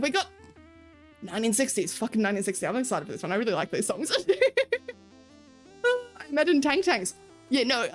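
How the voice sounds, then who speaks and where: A woman with an Australian accent, from the country, chatting frankly with her livestream viewers, swearing freely and laughing often. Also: a little high. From rural Australia. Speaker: streamer. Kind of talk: casual livestream chat with viewers.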